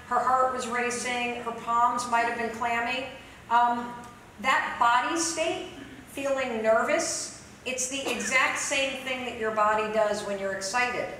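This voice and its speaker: A woman's voice: high-pitched, sharp tone, a little hiss or hum. A woman motivational speaker giving a live training talk to an audience, emphatic, direct and conversational. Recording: echoey hall, mic from a distance.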